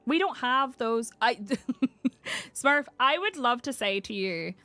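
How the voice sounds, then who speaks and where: A woman from Northern Ireland with a Northern Irish accent, a game streamer chatting casually with her chat, self-mocking and quick to laugh. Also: high-pitched, animated, bright, forceful tone, smooth, no echo. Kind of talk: casual live-stream chat while playing.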